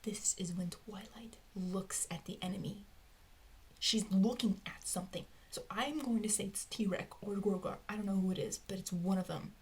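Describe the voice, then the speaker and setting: Brief: woman, mid pitch, rambling self-talk, slips into whispers. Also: steady tone, normal speed. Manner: rambling, often drops to a whisper. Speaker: fan theorist. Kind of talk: thinking aloud to herself. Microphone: close mic, recorded alone.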